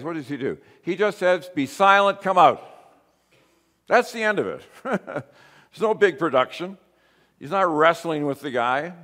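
A male pastor giving a conversational sermon in a church, mostly calm, rising to emphatic bursts. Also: on the high side. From grew up in a Pentecostal church. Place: church sanctuary. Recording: long hall reverb.

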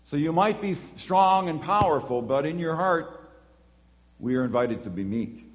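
A man's voice: on the high side, normal speed. Man preaching in a reverberant hall. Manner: animated storytelling, acts out voices and horn beeps. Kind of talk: sermon with personal story.

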